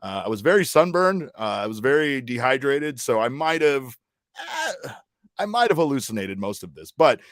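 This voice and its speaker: A man's voice: medium pitch, sing-song, moderate pace, no echo, studio quality. A man hosting a casual sports podcast, upbeat and playful, hyping up his co-host.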